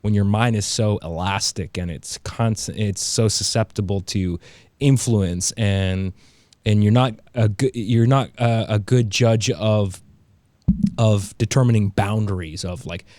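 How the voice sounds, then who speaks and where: A man with a low voice takes part in a casual podcast discussion. He talks in a thoughtful, halting way and restarts his words as he goes. The sound is dry and close, with no room echo. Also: darkish tone. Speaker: podcast co-host.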